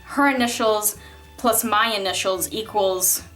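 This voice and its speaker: A woman's voice: medium pitch, a little slow, a bit bright, soft background music. A young woman telling a story from her school days in a casual vlog, chatty and full of "like"s, her tone exasperated. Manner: chatty, filler-heavy, many "like"s, exasperated retelling. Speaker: vlogger.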